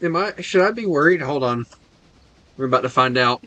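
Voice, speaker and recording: A man's voice: medium pitch, lively intonation, fairly quick, pushed and bright, no room sound. A man streaming games, chatting casually in a playful, teasing way. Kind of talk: casual chat.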